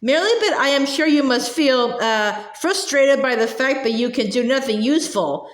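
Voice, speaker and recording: A woman voicing a cold, sneering male wizard teacher who speaks quietly and disdainfully, in a roomy echo. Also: sits high, animated, moderate pace.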